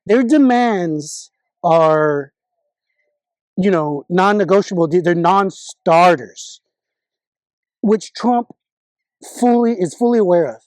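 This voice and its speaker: A man's voice: sits high, lively intonation, slow pace, pauses often, darkish tone, no room sound. A man vlogging his political opinions in a casual monologue, confident but often restarting and correcting himself mid-sentence.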